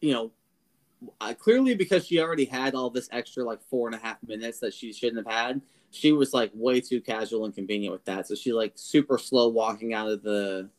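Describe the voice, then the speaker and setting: A man co-hosts a casual spoiler-review podcast. He retells the story with energy and jumps into brief voices for the characters. His voice sits in an ordinary middle pitch. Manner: animated retelling, acting out lines in quick impressions. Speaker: podcast co-host.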